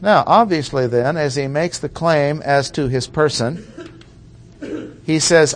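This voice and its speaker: A man preaching a teaching sermon, explaining word meanings slowly and deliberately and asking rhetorical questions. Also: fairly high pitch. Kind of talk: sermon teaching on Bible language.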